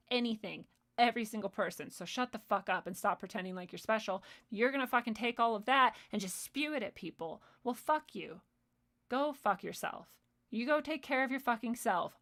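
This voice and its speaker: A woman's voice: medium pitch, a bit bright. A woman hosting her own stream, delivering an unscripted, heated monologue full of swearing and confrontation. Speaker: stream host.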